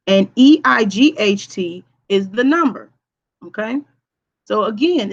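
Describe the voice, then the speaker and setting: A woman teacher with a mid-range voice, captured in dull audio, records a grammar lesson for students. She checks their understanding patiently with lots of okays and hums to herself as she types on screen.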